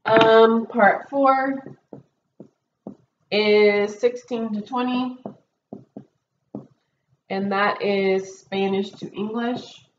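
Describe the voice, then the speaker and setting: In a classroom, a female Spanish teacher patiently takes her students through a test, saying "um" and "okay" a lot. Her voice is on the high side with fairly even intonation, and she stretches out words and pauses often. The recorded review lesson sounds dull and roomy, with faint background noise.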